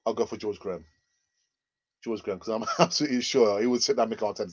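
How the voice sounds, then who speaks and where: A man's voice: fairly low pitch, rapid-fire, dry recording, muffled recording. A man hosting a live fan stream, reading viewer comments aloud in a rambling, hesitant way with frequent restarts and chuckles. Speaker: fan channel host.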